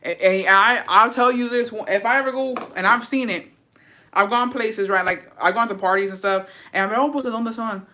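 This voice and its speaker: Bright-voiced, blunt, profane woman. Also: medium pitch, normal speed, slight background noise. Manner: emphatic, repeats points for effect. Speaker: streamer reacting to viewer comments. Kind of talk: casual unfiltered chat.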